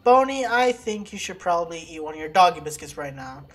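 A woman giving casual gameplay commentary, excitable and swearing as she reacts to setbacks. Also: on the low side, fairly quick. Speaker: let's play gamer. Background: game music.

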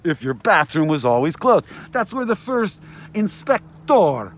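A man's voice: on the high side, big pitch swings, a little slow, slight background noise. A man giving an agitated, aggrieved ranting monologue to camera, often repeating himself. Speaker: vlogger.

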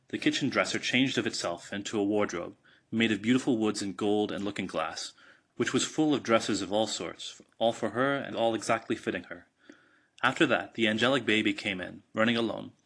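A man narrating a storybook aloud at a measured, steady pace. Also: fairly low pitch, breathy edge. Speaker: audiobook narrator. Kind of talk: storybook reading.

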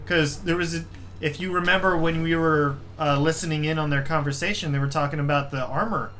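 A young man co-hosting a casual let's-play, reacting loudly, swearing and reading item text aloud. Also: on the high side, fairly even intonation, a little fast. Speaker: co-host of a gaming channel.

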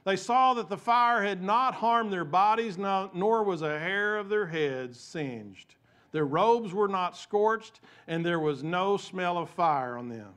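Pastor preaching, slightly high voice. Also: male voice, expressive, takes it slowly. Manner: storytelling with repeated restarts; drops to soft, low voice in prayer. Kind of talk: sermon. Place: church.

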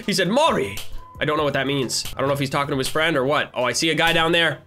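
Excitable, giggly man gaming. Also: on the high side, fast, faint music behind. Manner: excitable, giggly, playful taunting. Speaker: gaming channel host. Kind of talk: gameplay commentary.

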